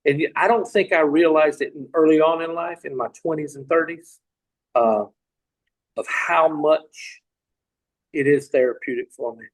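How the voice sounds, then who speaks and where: A man's voice: fairly high pitch, moderate pace, low-quality recording. A middle-aged man from Tennessee, a podcast guest telling a long anecdote in a rambling way, full of restarts and asides. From Tennessee, USA. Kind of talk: casual anecdotal storytelling.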